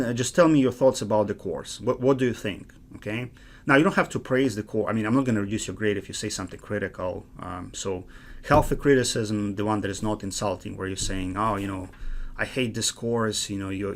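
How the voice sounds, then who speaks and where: A man with an Eastern European accent, a course instructor giving an earnest online course introduction with many restarts and fillers. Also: lowish voice.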